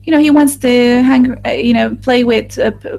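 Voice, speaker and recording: A woman voices a group discussion as a live interpreter, her voice sitting a little high. She speaks haltingly, breaking off and restarting her phrases. Soft music plays faintly behind her. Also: fairly even intonation, creaky, low-quality recording. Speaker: voice-over interpreter for a focus group.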